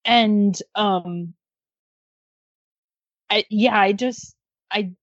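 Relaxed woman in casual chat. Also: mid-range voice, extremely slow, no room sound. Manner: relaxed, agreeable, many short backchannels. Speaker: podcast co-host. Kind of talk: casual chat about a TV series. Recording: dull lo-fi dry sound.

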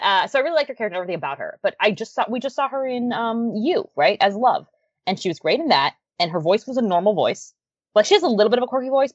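A woman's voice: a little high, dry recording. A woman chatting casually as a podcast co-host, with lots of fillers and frequent laughter. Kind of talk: casual chat about a TV series. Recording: dull lo-fi dry sound.

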